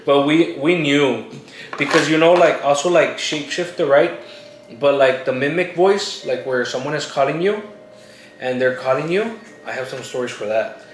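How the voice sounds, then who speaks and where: A man's voice: fairly high pitch, moderate pace, a little hiss or hum. A young man hosting a vlog, telling a scary story casually with lots of slang and fillers. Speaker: vlog host. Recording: echoey room with music playing.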